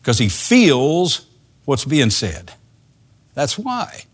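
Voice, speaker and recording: An older man delivers a sermon in a plain, folksy manner, his voice sitting in an ordinary middle pitch. He moves between quiet, almost muttered asides and raised, emphatic lines. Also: wildly swooping pitch, drawn-out words, breathy edge. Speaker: preacher.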